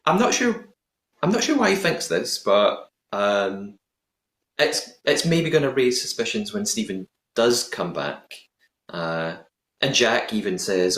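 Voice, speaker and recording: A man's voice: on the low side, lively intonation, measured pace, fairly bright tone. A man hosting a podcast, recapping a reality show episode in casual chat. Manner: chatty, laughs at own attempted accent. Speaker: podcast host. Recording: echoey room.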